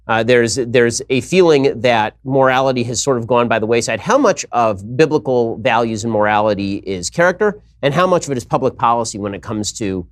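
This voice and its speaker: A man hosting a political discussion, making his case in quick, argumentative bursts. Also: mid-range voice, no echo, studio quality. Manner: rapid, argumentative.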